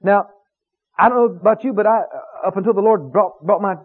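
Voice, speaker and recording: A man preaching a sermon, emphatic and animated, stretching key words for effect. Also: high-pitched, fairly quick, husky. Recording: tinny phone-like radio broadcast.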